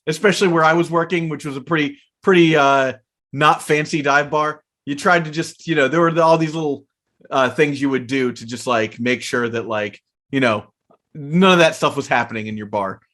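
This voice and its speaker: A man with a slightly higher voice co-hosts a relaxed chat, reading spoiler card text aloud with many fillers. He sounds easygoing and casual throughout. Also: normal speed. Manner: laid-back, reads card text aloud, frequent fillers. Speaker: podcast co-host.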